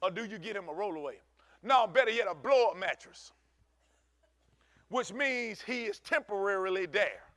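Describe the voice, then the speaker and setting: Pastor preaching in church, high-pitched man, animated and chatty, close dry mic. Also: normal speed, pauses often, no room sound. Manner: animated preaching, swings from shouting to low asides; conversational, uses African American Vernacular English. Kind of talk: sermon.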